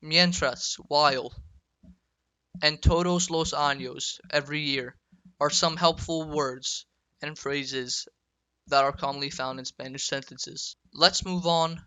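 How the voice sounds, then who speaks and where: A man giving a school-style grammar lecture, spelling out verb endings slowly and telling viewers to write them down. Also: on the high side, steady tone, bright, forceful tone, smooth, dry recording, rough recording. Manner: slow, deliberate, spells out endings, asks viewers to take notes. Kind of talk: student-made lecture video.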